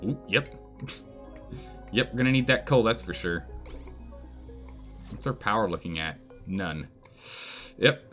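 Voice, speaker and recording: A man giving live commentary on a colony game, animated and exclaiming, pleading with his characters. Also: lowish voice. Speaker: streamer playing a colony game.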